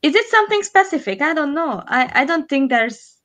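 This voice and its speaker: A woman chatting casually on a live stream. Her voice sits somewhat high, and she breaks off and restarts her sentences often, laughing easily between thoughts. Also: very animated, fairly quick, fairly bright tone. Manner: hesitant, laughing, many restarts. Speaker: co-host. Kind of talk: casual chat.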